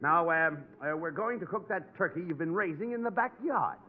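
A man's voice: on the high side, expressive, normal speed. Exasperated straight man, 1940s radio. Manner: exasperated, scolding. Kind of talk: 1940s radio comedy acting. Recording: muffled 1940s radio broadcast before a live audience.

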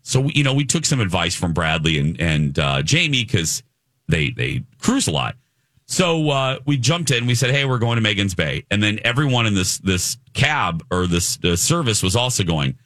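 A man hosting a talk show, telling a travel story in a rambling, animated way with lots of fillers. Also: on the low side, moderate pace, no echo, studio quality. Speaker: radio show host. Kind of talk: casual storytelling chat.

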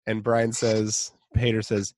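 A man's voice: on the low side, completely flat delivery, slow pace, a little mellow, no echo. A man co-hosting a podcast in casual chat. He talks enthusiastically, laughs often and acts out quotes. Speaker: podcast co-host.

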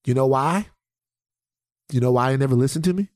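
A man co-hosting a podcast, ranting in casual banter and breaking into mocking high-pitched impressions of his friends. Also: a little fast, a little mellow, no echo, clean studio sound. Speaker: podcast co-host.

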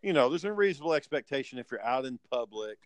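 A man's voice: medium pitch, sing-song, fast talker, dry recording. Guy hosting a podcast, swears a lot, rambles through stories, dry close sound. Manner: profane, rambling storyteller. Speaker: podcast host. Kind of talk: casual podcast chat.

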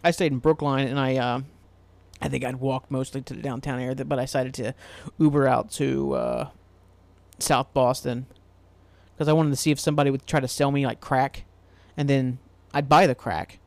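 A man's voice: medium pitch, little pitch movement, normal speed, creaky, no room sound. A man from Ohio hosting a casual solo podcast, rambling loosely, swearing freely and laughing at himself. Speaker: podcast host.

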